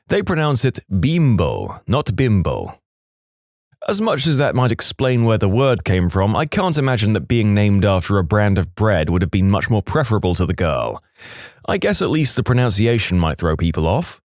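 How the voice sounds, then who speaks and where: A man reads forum posts aloud in a steady, scripted narration, taking every post in his own voice. His voice sits fairly low but swings up and down with lively pitch. The sound is dry and close, with almost no room around it. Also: no echo.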